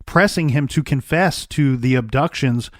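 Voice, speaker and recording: A man co-hosting a true crime podcast, recounting the case in a measured, storytelling way. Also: medium pitch, no room sound, studio quality. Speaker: podcast co-host.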